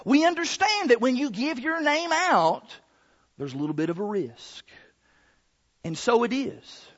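A man with a strikingly high, lively voice preaches a sermon, drawing out key words with slow emphasis. The recording is dull and lo-fi, with a long reverb from a large hall.

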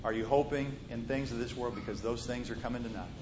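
Male preacher, mid-pitched, swings from forceful to hushed; roomy, muffled hall sound. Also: fast talker. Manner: swings from loud emphatic to soft, hushed storytelling. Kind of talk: sermon with storytelling. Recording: roomy muffled hall recording, faint rumble.

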